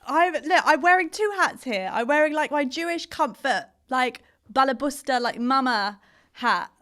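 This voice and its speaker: Lady podcast host, kinda high voice, chatty and laughing a lot. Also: expressive, moderate pace, sharp tone. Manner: chatty, playful, laughs easily. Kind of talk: casual podcast chat.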